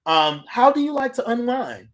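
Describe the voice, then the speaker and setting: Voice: mid-range voice, very animated, moderate pace, a bit bright. An adult host chatting casually on a live stream, greeting viewers by name and reading their comments aloud, recorded on a phone.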